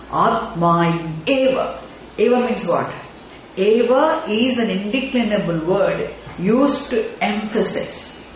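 A slow, unhurried teacher lecturing on scripture, pausing to ask the class whether it follows and lilting key terms in a chant. The voice rings through a very reverberant hall, with a faint room hum underneath. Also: mid-range voice. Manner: deliberate, often asks the class rhetorical check questions. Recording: very echoey room with faint ambience.

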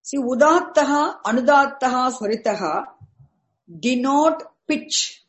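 A woman, teaching a class in a patient, repetitive way and saying terms slowly. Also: high-pitched, animated, poor audio. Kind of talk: explaining Vedic chanting accents to a class.

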